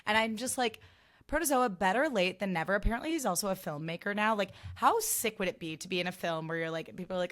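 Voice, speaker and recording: A woman's voice: mid-range voice, lively intonation, brisk, sharp tone. A woman in her thirties hosting a solo podcast, rambling casually with lots of "like" and free swearing. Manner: gushy, rambling, heavy on "like", swears freely. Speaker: podcast host.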